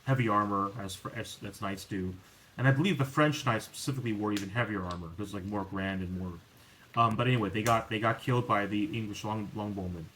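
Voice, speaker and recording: This podcast host is a man with a lowish voice who talks fast, heard on a low-quality recording with a bit of hiss or hum. His casual chat rambles, full of restarts and fillers, and he gets animated when exasperated.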